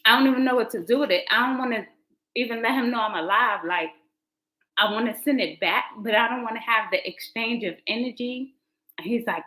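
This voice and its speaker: Casual woman livestream host, animated, laughing, talks straight to chat. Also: a little high, normal speed, poor audio. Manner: chatty, laughing, animated asides to viewers. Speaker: livestream host, tarot reader.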